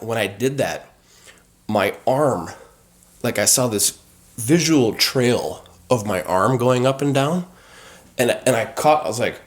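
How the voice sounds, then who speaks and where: A man telling a personal story conversationally, animated, with frequent fillers and restarts. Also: medium pitch, unhurried. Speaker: guest sharing recovery experience.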